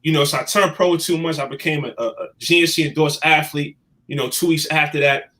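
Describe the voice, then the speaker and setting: A man in his thirties telling his life story in a casual chat, animated and emotional. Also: a little high, fairly quick. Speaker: guest.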